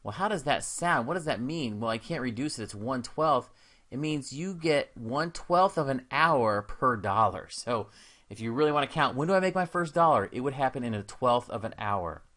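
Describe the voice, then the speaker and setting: A man's voice: mid-range voice, expressive, normal speed, a bit bright. A man talking through a recorded math lesson, upbeat and easygoing. He keeps it casual and encouraging and drops in slangy asides. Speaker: math teacher.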